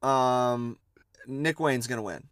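A man co-hosting a podcast, talking in a laid-back way with dry deadpan asides. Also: mid-range voice, slow, a little hiss or hum. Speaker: podcast co-host. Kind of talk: casual chat.

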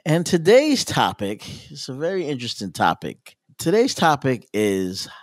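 A man hosting a podcast in casual chat, relaxed and laughing often, leaning on "you know". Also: mid-range voice, normal speed, dry recording, clean studio sound. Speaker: podcast host.

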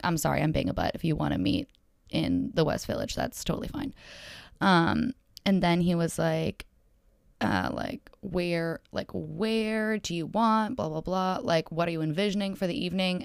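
Young woman telling a dating story, low voice with lots of vocal fry, rambly and chatty. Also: no echo, clean studio sound. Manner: chatty and rambling, filler-heavy, acts out dialogue. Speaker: solo storyteller.

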